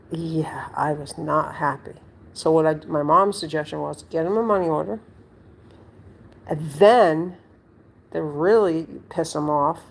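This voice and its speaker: A woman's voice: low-pitched, gravelly. A woman at home telling a story to her viewers in a blunt, rambling way, swearing freely. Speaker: vlogger. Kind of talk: casual storytelling to camera.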